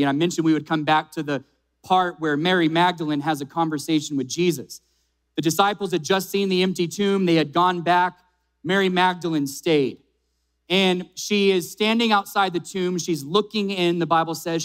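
A man preaching an Easter sermon as a pastor, emphatic, slowing down and repeating key phrases for weight. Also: fairly high pitch, a bit bright, clean tone.

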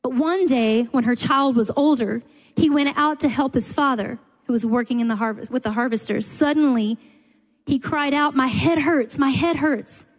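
A woman's voice: high-pitched, normal speed. Lady preacher telling a bible story, earnest, echo from a big hall. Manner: storytelling, earnest, rising with emphasis. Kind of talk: sermon. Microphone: handheld microphone. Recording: reverberant hall.

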